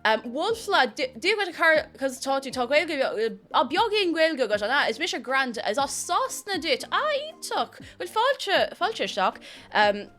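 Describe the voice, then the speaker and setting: A woman's voice: high-pitched, normal speed. A young Irish woman chatting casually on a live stream, greeting viewers by name and reading their messages aloud with plenty of laughter. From Ireland. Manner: chatty, animated, laughs often, reads chat names aloud. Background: faint music.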